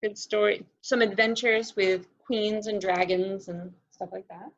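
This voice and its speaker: A middle-aged woman librarian talks casually through a box of books, friendly and laughing often. Her voice has a gravelly, fried texture. The recording sounds muffled and lo-fi. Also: mid-range voice, steady tone, a little slow. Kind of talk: casual book unboxing chat.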